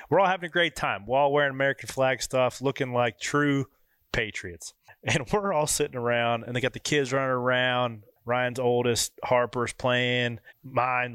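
A man's voice: mid-range voice, a bit bright, clear, resonant tone, no room sound, studio quality. A man hosting a podcast in casual chat, joking and telling a story with frequent laughter. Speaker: podcast host.

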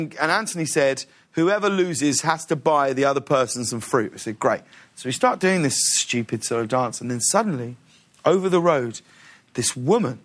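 A man with a rather high voice tells a story as a guest on a television talk show. He talks in an animated way and keeps breaking into laughter. His sentences are full of "like" and "uh". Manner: laughs often, fills with "like" and "uh". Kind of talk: animated anecdote telling. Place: television studio.

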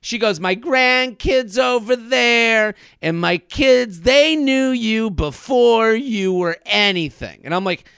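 A man in his thirties hosting a podcast, telling a comedic story in an animated way and acting out other people's lines. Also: very high-pitched, slow, vocal fry, hardly any pauses, clean tone, no room sound, clean studio sound. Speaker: podcast host. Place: studio.

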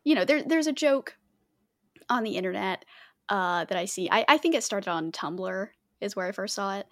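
A young woman co-hosts a podcast in casual chat, her pitch swooping up and down as she tells stories. She laughs often, and her voice sounds close and dry. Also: moderate pace, dry recording. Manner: expressive storyteller, laughs often. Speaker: podcast co-host.

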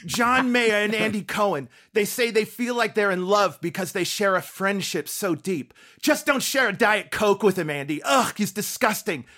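Man playing a shrill, brash older lady comedian, very animated. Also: moderate pace, hardly any pauses. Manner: whiny, exclamatory, showy.

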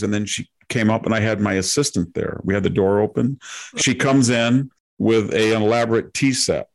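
A man's voice: lowish voice, fairly even intonation, fairly quick. A man speaking as a guest in a casual interview, telling long, digressive anecdotes and acting out the quotes.

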